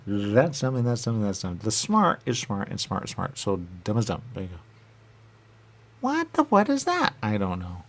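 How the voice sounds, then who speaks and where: A man rambling in a goofy comic back-and-forth with himself, answering his own questions and dropping into hushed asides. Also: lowish voice, big pitch swings, normal speed. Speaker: radio show personality.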